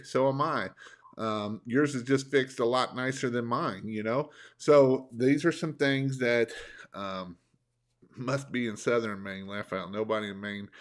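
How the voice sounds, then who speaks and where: A man's voice: mid-range voice, fairly bright tone. Folksy man coaching. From Northern Kentucky, USA. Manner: folksy, rambling, plain-spoken. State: sore throat. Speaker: business coach. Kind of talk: motivational live-stream talk.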